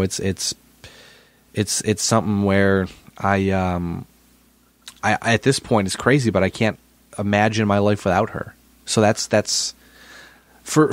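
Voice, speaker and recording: A man's voice: fairly low pitch, no room sound. A man co-hosting a podcast, telling a story in casual chat and often repeating his words. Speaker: podcast co-host.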